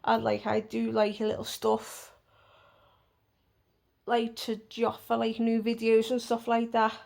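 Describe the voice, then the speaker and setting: A woman recounts a story in a vlog, blunt and full of swearing. Her voice sits a little high and has a gravelly, creaky edge. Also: completely flat delivery, measured pace, darkish tone. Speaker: vlogger.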